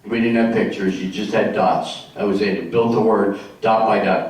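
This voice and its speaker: A man's voice: lowish voice, level tone, normal speed, darkish tone, distant mic, dull audio, soft background music. Chatty male comedian in an echoey hall. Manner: chatty storytelling, jokey. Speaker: stand-up comedian. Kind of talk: stand-up comedy routine. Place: stage in a senior community hall.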